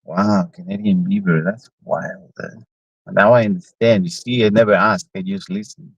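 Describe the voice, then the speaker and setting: A man streaming live, asking simple questions in halting, unsure English. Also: on the low side, steady tone, gravelly, husky, no room sound, muffled recording. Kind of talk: casual chat.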